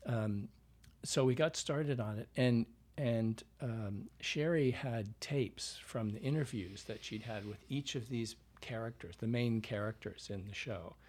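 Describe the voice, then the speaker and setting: Husky-voiced male dialect coach. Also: medium pitch, a little slow, hardly any pauses, a little mellow. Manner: explanatory, often ends points with a questioning "right?". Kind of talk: casual interview chat.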